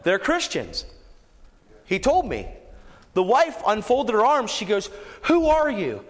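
A man preaching a sermon, telling a story and then exhorting the congregation with rising, shouted emphasis. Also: sits high, huge pitch swings, measured pace. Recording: echoey hall, long reverb.

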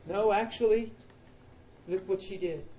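A man preaches with animated emphasis and calls out to his listeners in a fairly high voice. The recording is muffled and echoes through a large room. A faint hiss sits underneath. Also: a little slow. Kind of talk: sermon.

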